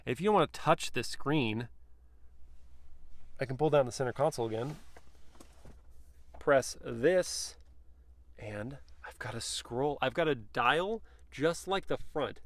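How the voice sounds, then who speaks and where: A man's voice: medium pitch, creaky, no echo. A man giving a casual, playful review from the back seat of a car, chatting and joking to himself as he goes.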